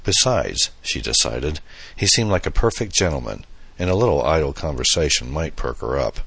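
A man giving steady, measured audiobook narration, recorded close on a studio mic. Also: very deep voice, slightly rough, dry recording.

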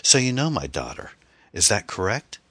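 A man voicing a frightened, stern middle-aged mother who asks sharp, demanding questions. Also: lowish voice, very animated, moderate pace, husky, dry recording, pitched above the performer's own voice, full character voice.

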